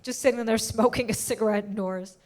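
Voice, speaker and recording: A woman's voice: fairly high pitch, fairly even intonation, a little fast, darkish tone. A woman in her thirties from the United States, telling sarcastic, punchy stand-up stories on stage. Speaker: stand-up comedian. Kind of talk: stand-up comedy set.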